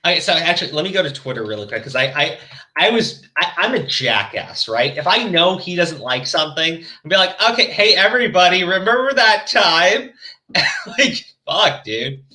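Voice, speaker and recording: A podcast host talking in a high, bright voice that swings all over as he rants. He swears constantly and slips into mocking voices when quoting people. His chat is loose and casual. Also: lively intonation, normal speed. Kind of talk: casual profane commentary chat.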